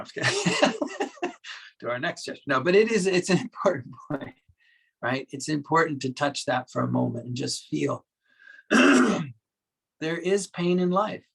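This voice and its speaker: Gentle, reflective male meditation teacher. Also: a little high, creaky, low-quality recording. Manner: gentle and reflective, with soft laughs. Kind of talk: dharma talk to a workshop group.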